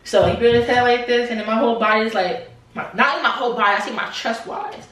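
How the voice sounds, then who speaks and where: Animated young woman in an echoey room. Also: on the high side, quick pace, noisy background. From New Jersey, USA. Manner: animated, repeats phrases, drops to near-whispers. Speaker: vlogger. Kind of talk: casual storytelling to camera.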